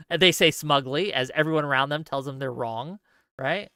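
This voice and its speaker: A man hosting a political commentary livestream, talking straight to his viewers in a sarcastic, exasperated rant. His voice is bright and crisp, and the sound is dry and close with no room echo. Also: on the high side, normal speed. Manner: talks straight to viewers, reads chat. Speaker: political commentary show host.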